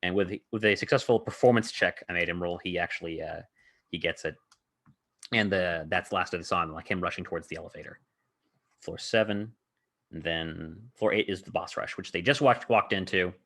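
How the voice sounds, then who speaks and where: A man's voice: sits low, fairly quick, sharp tone. A man hosting a podcast, casually recounting a tabletop game session he ran, rambling with many filler words. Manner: rambling, heavy on filler words, laughs often. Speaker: podcast host and game master.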